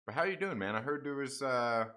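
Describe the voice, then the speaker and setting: A young man hosting a casual livestream reads out viewer chat while swearing and grumbling about a technical mix-up, frustrated but laughing it off. He talks briskly at a medium pitch, with lively intonation and a pushed, bright voice.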